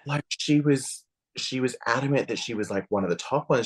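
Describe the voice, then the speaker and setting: A man co-hosting a podcast, chatting casually in a blunt, sweary and animated way. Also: mid-range voice, normal speed, hardly any pauses. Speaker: podcast co-host. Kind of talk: casual chat.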